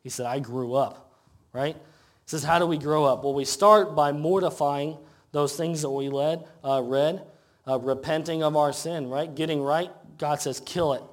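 Male pastor in a church, conversational preaching style, voice a bit on the high side. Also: steady tone. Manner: conversational preaching with rhetorical questions, reads scripture slowly. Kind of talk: sermon. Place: church sanctuary.

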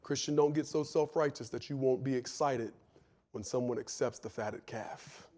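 A man preaching a sermon with fervent delivery, moving from loud pleading to hushed intensity. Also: mid-range voice, normal speed.

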